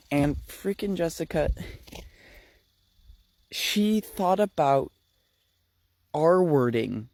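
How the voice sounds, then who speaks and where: A man's voice: mid-range voice, creaky, darkish tone, no echo, clean studio sound. Chatty man retelling a book. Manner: chatty, swears, repeats words for effect. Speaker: book recap storyteller. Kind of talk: casual storytelling.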